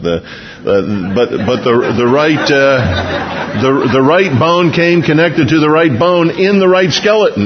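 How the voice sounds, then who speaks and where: A man's voice: mid-range voice, lo-fi sound. A man preaching an expository sermon in a conversational way, with restarts and small chuckles. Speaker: pastor.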